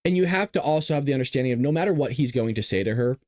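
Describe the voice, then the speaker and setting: A man's voice: medium pitch, expressive, very fast, darkish tone, no room sound, clean studio sound. A man hosting a podcast, talking casually and emotionally, choked up and rambling. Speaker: podcast host. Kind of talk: casual commentary.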